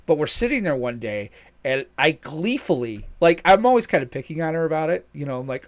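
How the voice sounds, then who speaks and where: Animated man hosting a casual chat. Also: a little high, brisk. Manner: animated storyteller, puts on voices when quoting. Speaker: podcast co-host.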